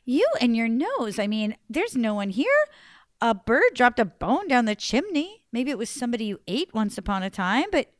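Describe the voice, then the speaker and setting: A woman voicing a clever, chatty young woman held by a giant, talking in brisk, sassy, flattering bursts. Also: on the high side, no echo.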